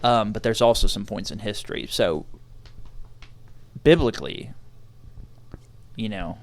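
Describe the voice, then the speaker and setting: A man's voice: fairly low pitch, measured pace. A young man co-hosting a casual podcast chat, rambling loosely through his thoughts. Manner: casual, rambling, says "dude". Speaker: podcast co-host.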